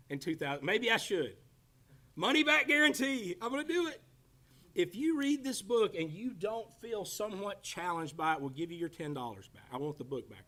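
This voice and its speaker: A man in his fifties with a drawl leads a Bible class. His voice sits high for a man. He jokes, teases, and calls on people in the room as he talks. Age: 50s. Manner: joking, animated, teasing the class by name. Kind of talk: casual Bible class teaching.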